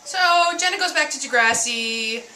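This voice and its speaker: Woman, fan recap host, bubbly, lively bright voice, echoey room, faint noise. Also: on the high side, normal speed. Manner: bubbly, acts out characters' lines. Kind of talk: casual fan recap chat.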